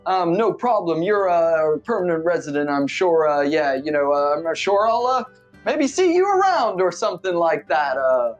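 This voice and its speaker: A man's voice: a little high, big pitch swings, normal speed, lo-fi sound, faint music behind. A man voicing a nervous, awkward male gate guard who stammers through constant fillers.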